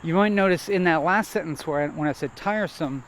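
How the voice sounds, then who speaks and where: A man vlogging as he walks a nature trail, thinking aloud in a halting, hesitant way and repeating words. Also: a little high. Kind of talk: rambling self-reflective monologue while walking. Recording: faint outdoor noise.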